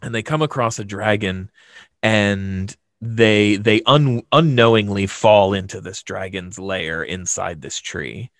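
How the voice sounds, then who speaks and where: A man, a game master, casually telling an animated, self-deprecating story in conversation. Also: lowish voice, takes it slowly, no echo, studio quality.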